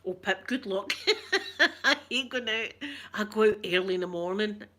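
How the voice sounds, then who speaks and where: A middle-aged Scottish woman with a sharp, medium-pitched voice speaks at a normal speed while reading comments on her ASMR livestream. She chats casually with viewers, rambling, laughing frequently and greeting them by name.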